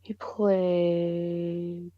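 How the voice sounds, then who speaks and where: A woman's voice: on the low side, level tone, very slow, no echo, lo-fi sound. A young woman co-hosting a podcast in casual chat, rambling and hesitant with lots of fillers. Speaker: podcast co-host.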